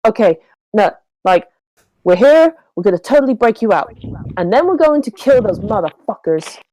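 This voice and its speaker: A brash, foul-mouthed wrestler woman who lives for mayhem, put on by a woman at a tabletop game. She swears her way through every threat, pitched up and pushed loud. The voice sits dry and close, with no room sound. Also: sing-song, normal speed, no echo, close to an everyday voice, low-quality recording. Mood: defiant. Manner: brash and swearing, hungry for a fight.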